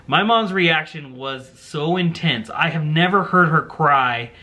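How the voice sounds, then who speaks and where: A young man casually commenting on his own video, telling stories in a chatty, animated way. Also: fairly high pitch, a little slow. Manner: chatty, animated storytelling with put-on quotes.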